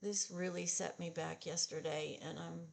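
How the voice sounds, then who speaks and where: A woman in her sixties chatting slowly and haltingly while she does her makeup, sounding upset and discouraged. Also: fairly low pitch, steady tone, creaky. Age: 60s. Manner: slow, subdued and halting, with sighs. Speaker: beauty vlogger. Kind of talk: casual get-ready-with-me chat.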